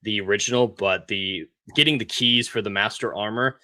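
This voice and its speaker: Bright-voiced man ranting sarcastically. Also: lowish voice, moderate pace. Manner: sarcastic, ranting storyteller who mimics characters. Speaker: podcast co-host. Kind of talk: casual chat.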